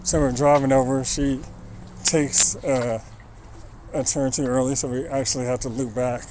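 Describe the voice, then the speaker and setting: Laid-back male streamer at mid pitch, wry, rambling storyteller; faint outdoor noise. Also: level tone, normal speed. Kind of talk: casual storytelling.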